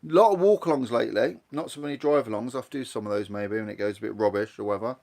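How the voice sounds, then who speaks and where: A man's voice: lowish voice, rapid-fire, gravelly, darkish tone. A man with a Guernsey accent hosting a casual live stream from a greenhouse studio, rambling and chatting to his viewers. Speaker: channel host.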